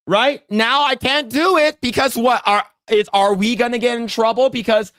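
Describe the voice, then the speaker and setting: A man's voice: extremely high pitch, steady tone, normal speed, few pauses, fairly bright tone, no echo, studio quality. A man co-hosting a podcast, chatting casually while he draws, rambling and repeating himself and swearing freely when annoyed. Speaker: podcast co-host. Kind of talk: casual chat while drawing on stream.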